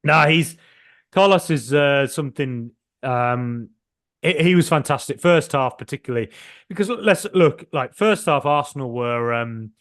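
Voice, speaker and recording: A man hosting a casual football podcast, animated and joking, with mild swearing and frequent restarts. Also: medium pitch, moderate pace. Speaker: podcast host.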